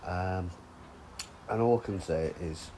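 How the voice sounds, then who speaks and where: A man's voice: deep voice, slow pace, mellow, a little hiss or hum, low-quality recording. A man chatting casually outdoors by a fishing lake, with sweary, teasing banter. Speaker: angler and vlog host. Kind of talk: casual chat.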